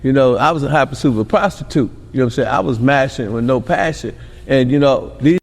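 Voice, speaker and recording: A middle-aged Milwaukee man, a podcast guest, rattles off rambling stories in a fast, gravelly, mid-range voice, forever adding "you know what I'm saying." It's casual interview storytelling, and the sound carries the feel of a large hall.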